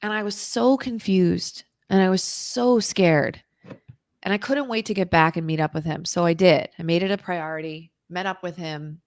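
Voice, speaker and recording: A woman, a guest on an interview show, telling an intense personal story in a vivid, dramatic way, at times dropping to a hushed whisper. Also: lowish voice, moderate pace, dry recording, clean studio sound. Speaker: interview guest, recovery author.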